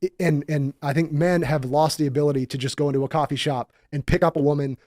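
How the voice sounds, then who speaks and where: A man's voice: fairly high pitch, fairly even intonation, quick pace, a little mellow, dry recording, studio quality. A man on a podcast speaking earnestly and emphatically about fathers and confidence. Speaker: podcast guest. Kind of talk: podcast debate.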